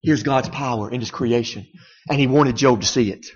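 A man's voice: mid-range voice, moderate pace. A man preaching a sermon in an emphatic, conversational way, often asking the congregation rhetorical questions. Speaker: pastor. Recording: dull sound in a reverberant hall.

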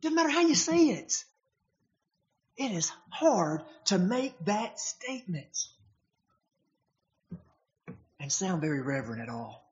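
A man's voice: high-pitched, sing-song, measured pace, highs cut off. A man preaching a sermon, emphatic and posing rhetorical questions to his congregation.

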